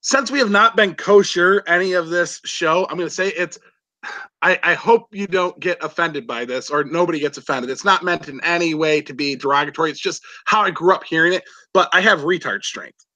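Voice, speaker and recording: Bright, high-voiced chatty man. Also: fairly quick, dry recording, low-quality recording. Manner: laughing, boastful and candid. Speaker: guest. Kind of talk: casual chat.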